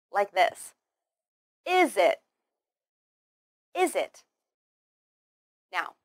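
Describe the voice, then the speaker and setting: Slow and scripted, this English pronunciation lesson has a woman carefully exaggerating each word, repeating it in drills, and praising the learner. Her voice sits on the high side, is a bit bright, and has no echo.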